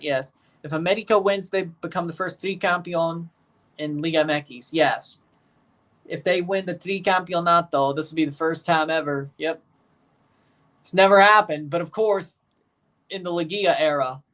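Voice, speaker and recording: A man's voice: fairly high pitch, moderate pace, fairly bright tone. Chatty man reacting to a football match. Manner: chatty, opinionated, talks to viewers. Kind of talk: casual livestream commentary.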